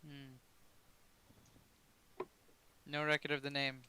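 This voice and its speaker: Smooth, bright man tossing dry quips. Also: mid-range voice, completely flat delivery, takes it slowly, low-quality recording. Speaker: player. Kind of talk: casual tabletop game banter.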